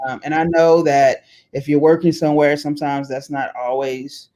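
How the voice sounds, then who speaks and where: A woman's voice: low voice, normal speed. A middle-aged woman chatting as a talk show guest, telling stories and acting out the voices of people she quotes. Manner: animated storyteller, acts out quoted voices. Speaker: talk show guest, arts executive director. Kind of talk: casual chat.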